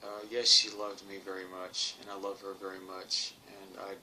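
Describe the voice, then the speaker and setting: Sharp-toned rambling man, low voice. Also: little pitch movement, normal speed, recorded from a distance, a little hiss or hum. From Texas. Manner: rambling, repeats words and restarts often, chuckles at own jokes. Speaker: author and channel host. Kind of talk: casual monologue to camera. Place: home in England.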